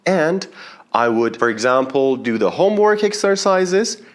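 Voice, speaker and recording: A man's voice: medium pitch, animated, unhurried, slight background noise. A young man whose first language is Persian, an English teacher earnestly telling students how he learned the language. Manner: earnest, explanatory, addresses viewers directly.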